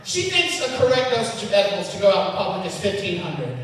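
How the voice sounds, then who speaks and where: Profane stand-up comic, high voice, roomy echo. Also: male voice, very animated, fast talker, recorded from a distance, noisy background. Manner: loud, profane, self-mocking, with big shouted punchlines. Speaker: stand-up comedian. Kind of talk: stand-up comedy set. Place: comedy club stage.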